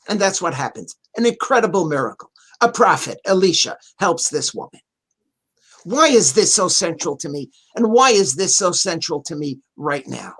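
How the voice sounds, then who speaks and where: A man's voice: sits high, very animated, normal speed, sharp tone, slightly rough. A man, a rabbi appearing as a guest, teaching a Bible passage in an online interview, speaking earnestly and repeating his key phrases for emphasis. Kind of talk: Torah talk in an online interview.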